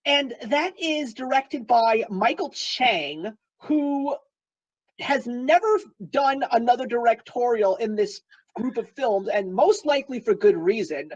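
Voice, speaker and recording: A woman's voice: fairly high pitch, animated, unhurried, darkish tone, low-quality recording. A woman co-hosting a casual film review chat, playful and teasing. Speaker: co-host of a film review show.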